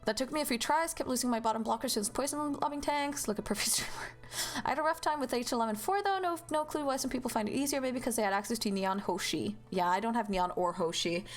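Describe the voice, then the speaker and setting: A young woman streamer chats with her viewers in an animated, casual way, breaking into loud outbursts and cursing. Her voice sits a little high. Faint game music plays under her talk. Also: quick pace. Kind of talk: casual live-stream chat.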